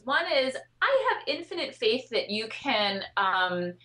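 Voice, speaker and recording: A woman's voice: a little high, big pitch swings, unhurried, sharp tone. A woman speaking as a guest expert in a podcast interview, earnest and chatty, with frequent fillers and restarts. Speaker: guest expert on child sleep.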